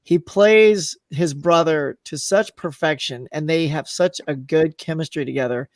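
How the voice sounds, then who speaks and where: Excited stammery guy, higher voice, dry close mic. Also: a little slow, no room sound. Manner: stumbling, enthusiastic. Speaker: panel guest. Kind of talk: casual livestream chat.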